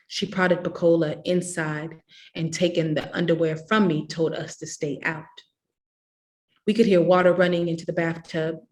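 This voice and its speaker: A woman reading a novel aloud in measured, expressive narration for a public reading. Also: on the low side. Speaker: reader.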